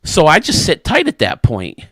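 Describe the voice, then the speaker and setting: A man's voice: fairly high pitch, normal speed, slightly rough, no room sound, studio quality. A man who hosts a gaming channel, telling a funny anecdote casually to his viewers and chuckling as he goes. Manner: animated, chuckling anecdote-teller. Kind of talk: casual storytelling to camera.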